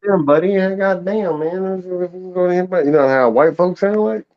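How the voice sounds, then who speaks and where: Through dull audio, a high-pitched man from the Southern United States talks a little fast as a panel caller on a live stream. He's casual, boastful and profane, and laughs a lot.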